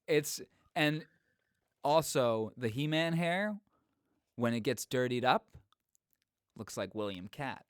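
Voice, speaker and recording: A man's voice: medium pitch, expressive, clear, resonant tone, dry recording. Man, podcast co-host, casual movie chat, resonant voice, dry room. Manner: jokey, riffing, quick asides.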